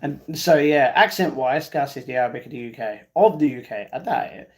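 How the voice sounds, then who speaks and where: A man's voice: medium pitch, animated, fairly quick, a little mellow. A man hosting a live stream, casually reading out viewer comments and bantering back at them. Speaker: livestream host reading chat.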